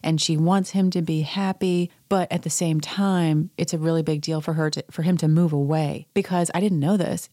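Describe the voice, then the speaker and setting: Host recap: woman, low voice, dry close sound, sarcastic chatty delivery. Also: steady tone, normal speed, hardly any pauses, dark tone, no echo. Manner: chatty and sarcastic, acts out quotes in high voices. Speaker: podcast host. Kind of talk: casual reality TV recap.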